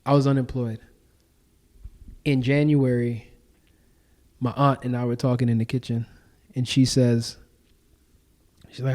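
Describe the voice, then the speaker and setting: A man's voice: medium pitch, moderate pace, long pauses. A young adult man, a podcast host, talking casually and slangily in an interview and acting out the exchanges he retells. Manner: animated storytelling, acts out quoted exchanges.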